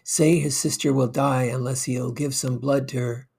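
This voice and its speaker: A man voicing a brisk, commanding male surgeon who speaks in clipped orders. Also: medium pitch, steady tone, gravelly, darkish tone, slightly rough. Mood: urgent.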